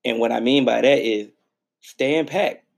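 A man's voice: mid-range voice, a little slow, gravelly. A man co-hosting a sports podcast, talking in a hyped, slangy, teasing way. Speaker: podcast co-host. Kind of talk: casual sports podcast chat.

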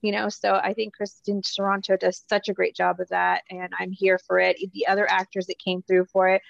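A woman from Corpus Christi, Texas, co-hosting a casual pop-culture podcast, talking in an animated, gushing way with lots of fillers. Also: medium pitch, fairly quick, vocal fry, no room sound, dull audio. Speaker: podcast co-host.

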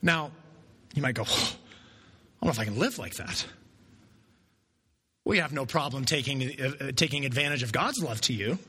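A man's voice: sits high, pushed and bright, in a large hall. A man preaching a sermon as pastor, talking conversationally and checking in with his listeners by asking "right?" again and again.

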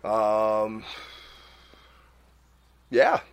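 A man's voice: fairly low pitch, sing-song, drawn-out words, gravelly, a little hiss or hum. A man co-hosting a casual podcast, laughing and poking fun at himself. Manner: self-deprecating, laughing banter. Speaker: podcast co-host. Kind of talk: casual chat.

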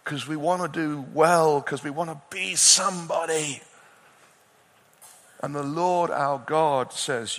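A male preacher with a fairly high voice, animated and expressive, rising to urgent peaks and dropping to hushed lows. His words ring out with a long reverb from a large hall. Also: measured pace, vocal fry. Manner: animated, swings from loud urgency to quiet intensity. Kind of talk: sermon.

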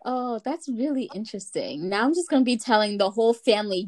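A young adult woman talking casually with a family member, relaxed and chatty with lots of fillers. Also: a little high, brisk.

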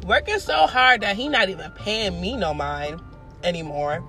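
A woman's voice: mid-range voice, moderate pace, faint music behind. A young woman casually telling a story, swearing freely and acting out what each person said. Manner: animated, profane, acts out quoted voices.

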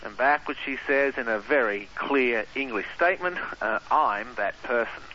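An Australian man, a radio guest, eagerly explaining in a casual interview with many filler pauses. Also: medium pitch. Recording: dull lo-fi radio line, faint hiss.

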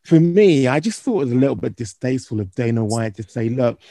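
A man with a gravelly, mellow voice hosts a casual fight chat. His pitch swings widely as he asks wry questions. The sound is close and dry. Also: lively intonation, fast, dry recording. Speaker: podcast co-host.

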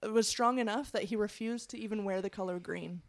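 A woman's voice: medium pitch, brisk. A woman hosting a casual podcast, reading out a countdown list in a chatty way, with fillers and casual swearing.

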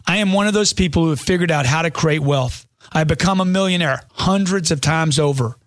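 A man's voice: fairly high pitch, fairly quick, no room sound, studio quality. A man reading a motivational money book aloud with a punchy, emphatic delivery.

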